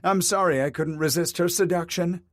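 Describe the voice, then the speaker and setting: A man's voice: sits high, normal speed, no echo, clean studio sound, pitched above the performer's own voice, lightly acted. A man voicing an arrogant businessman in handcuffs who barks orders at his wife. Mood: pleading. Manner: bossy, blustering. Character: arrogant cheating businessman under arrest.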